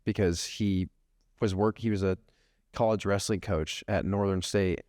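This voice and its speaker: A young man who grew up in Wyoming, co-hosting a podcast in casual, laid-back chat with halting restarts. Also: low-pitched, steady tone, a little mellow, no echo, clean studio sound. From Wyoming, USA. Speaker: podcast co-host, football player.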